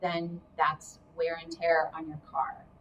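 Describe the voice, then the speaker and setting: A woman's voice: low-pitched, completely flat delivery, slow pace, a bit bright, lo-fi sound. A woman giving casual career and money advice in a chatty, explanatory way, adding hedging asides. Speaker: career coach guest. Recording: distant mic with faint background noise.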